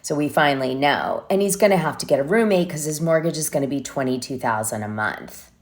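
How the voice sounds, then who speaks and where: Woman with a deep speaking voice, chatty gossip-channel host rambling through a reality-show recap. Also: expressive, a little fast.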